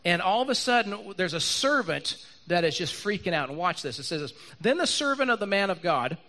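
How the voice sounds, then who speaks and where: A man preaching a sermon to a room and an online audience, animated, acting out Bible characters and repeating lines for emphasis. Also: sits high, brisk. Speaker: pastor. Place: church hall with live audience and online stream.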